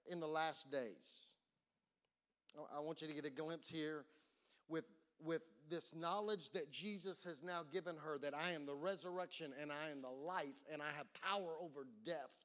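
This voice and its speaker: A male pastor preaching a sermon in a dramatic way, repeating words and drawing out key phrases slowly. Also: high voice, pushed and bright.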